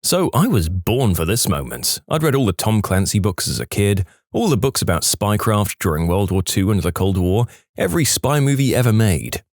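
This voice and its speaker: A man narrating online stories in a wry, animated, scripted way. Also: lowish voice, normal speed, hardly any pauses, no room sound, studio quality. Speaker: story narrator.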